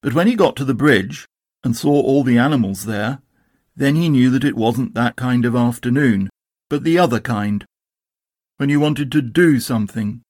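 A man narrating a children's storybook in a gentle, measured way. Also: mid-range voice, no room sound, clean studio sound. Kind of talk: storybook reading.

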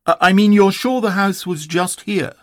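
A man voicing a gruff, simple, friendly teddy bear in a storybook reading, with an earnest manner. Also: sits high, moderate pace, no room sound, studio quality, voice pushed up, lightly acted.

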